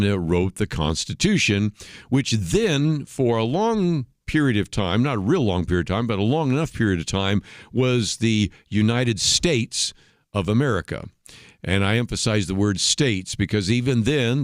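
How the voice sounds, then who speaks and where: Male talk radio host, low voice, dry studio sound, conversational explainer. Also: dry recording. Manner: conversational, explains history step by step. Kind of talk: solo commentary on a talk radio show.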